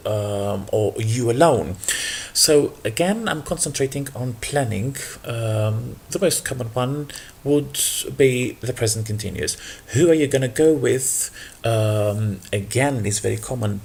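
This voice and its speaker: A man's voice: mid-range voice, creaky, a little mellow, slightly rough. A man explaining English grammar in an unscripted lesson, patient and full of ums, switching to a livelier voice for example sentences. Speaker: English teacher.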